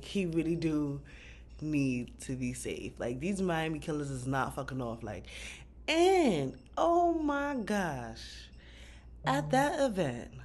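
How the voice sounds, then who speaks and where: Slangy, animated woman recapping TV. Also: fairly low pitch. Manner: animated, slangy and profane, with outbursts of disbelief. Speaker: TV recap vlogger. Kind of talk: casual recap commentary.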